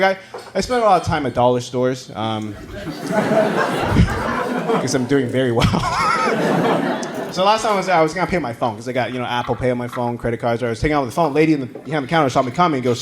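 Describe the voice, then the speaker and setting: A man from Taiwan, whose first language is Mandarin, doing a conversational stand-up comedy set in a comedy club. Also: medium pitch. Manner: animated, conversational storytelling. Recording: live club recording with loud audience laughter.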